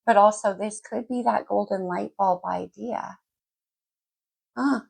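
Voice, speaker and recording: A woman's voice: medium pitch, fairly even intonation, slow, gravelly, a little mellow, breathy edge, poor audio. A woman giving a casual general tarot reading, talking straight to the viewer and wandering off her thread before picking it back up. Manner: rambling, loses and picks up her thread; talks straight to the viewer by sign. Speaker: tarot reader.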